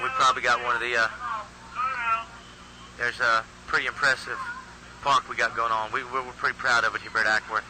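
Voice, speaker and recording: A man's voice: medium pitch, pushed and bright. Folksy man calling youth football. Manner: folksy, chatty, restarts phrases often. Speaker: youth football play-by-play announcer. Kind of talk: live sports commentary. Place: outdoor football field. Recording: noisy outdoor field recording.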